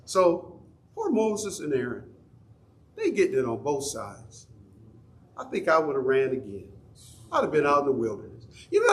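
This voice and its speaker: Middle-aged male Bible teacher with a somewhat high voice, chatty, quizzes his class. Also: a bit bright. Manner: conversational, folksy, asks the class questions. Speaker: Sunday school teacher. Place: church classroom.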